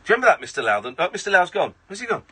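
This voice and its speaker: A man hosting a late-night comedic radio phone-in in a studio, animated and playfully exasperated. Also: high voice, rapid-fire, breathy edge. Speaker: radio host. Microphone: studio microphone.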